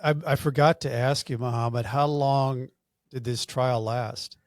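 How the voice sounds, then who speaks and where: A man's voice: medium pitch, fairly even intonation, unhurried, no room sound. Male host, interjects often, dry, close-miked. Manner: reactive, interjecting short affirmations. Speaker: podcast host.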